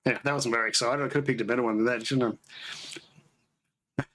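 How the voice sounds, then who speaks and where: A man's voice: medium pitch, fairly even intonation, fast talker, a bit bright, a little hiss or hum, low-quality recording. A man hosting a homebrewing livestream, chatting casually and rambling, correcting himself as he tastes beer. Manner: rambling, self-correcting, tasting beer on stream. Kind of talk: casual live chat.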